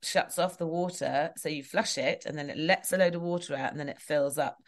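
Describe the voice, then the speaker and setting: A woman's voice: sits low, fairly quick. A woman guest giving practical home advice in a chatty, rambling way, often correcting herself mid-sentence. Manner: chatty, rambling, explains with self-corrections and laughs. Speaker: guest property expert. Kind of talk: casual interview advice.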